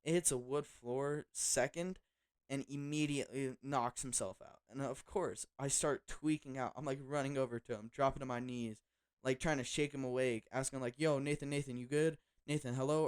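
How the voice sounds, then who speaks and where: A man's voice: mid-range voice, steady tone, fairly quick. A young man telling a personal story to his viewers in a casual vlog, with loose slang and lots of fillers. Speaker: vlogger.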